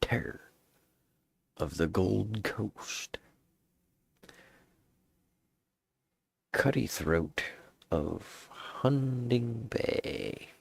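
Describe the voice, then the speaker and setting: A man voicing a boastful old male pirate captain in a put-on Southern drawl, reading a journal aloud with gruff, drawn-out delivery. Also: lowish voice, animated, no echo, full character voice. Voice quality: gravelly, drawn-out pirate speech. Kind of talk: dramatic reading of an in-game journal.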